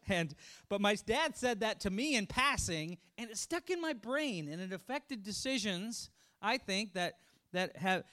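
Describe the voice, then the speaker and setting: A middle-aged pastor with a voice that sits high and a fairly bright tone preaches a conversational sermon. He's chatty, laughs often, and repeats words as he thinks aloud.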